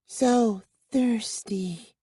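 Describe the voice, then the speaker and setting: A man voicing a thirsty, teasing vampire girl in an audiobook, with a slow, breathy hiss. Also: very high voice, warm tone, no room sound, clean studio sound, pitched above the performer's own voice, exaggerated voice. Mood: hungry hiss. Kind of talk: audiobook character voice.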